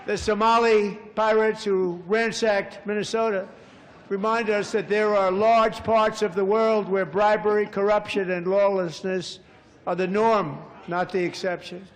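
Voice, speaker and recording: A man's voice: sits high, in a large hall. A man giving a political speech, emphatic and repeating his promises. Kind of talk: speech to an audience.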